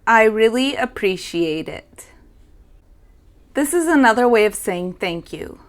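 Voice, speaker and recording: Young woman English teacher, higher voice, unhurried and careful, models each phrase. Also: expressive. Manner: slow, careful demonstration of phrases. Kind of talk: language lesson.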